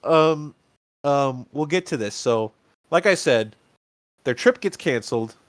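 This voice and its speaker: A man's voice: mid-range voice, lively intonation, unhurried, no room sound. A man hosting a podcast, casually retelling a movie and acting out the characters' lines with lots of stammered restarts. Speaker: podcast host. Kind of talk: casual movie rewatch chat.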